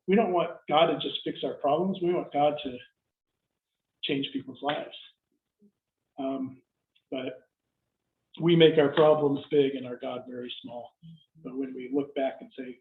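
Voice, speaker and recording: Conversational preacher, echoey and tinny. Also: male voice, fairly high pitch, creaky. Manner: conversational, self-interrupting, acts out quoted reactions. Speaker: pastor. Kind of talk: sermon. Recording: echoey room over a tinny phone-like line.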